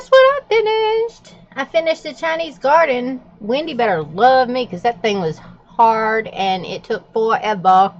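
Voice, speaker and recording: A woman's voice: on the high side, highs cut off. A woman hosting a casual vlog, chatting and telling stories while laughing often. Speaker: vlogger host. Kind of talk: casual plan-with-me vlog chat.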